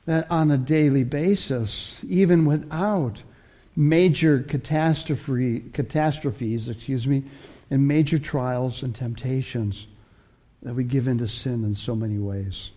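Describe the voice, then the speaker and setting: A man's voice: mid-range voice, measured pace, dark tone. A man preaching a sermon, teaching through scripture in a conversational way and often correcting himself mid-sentence. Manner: conversational Bible teaching with frequent self-corrections.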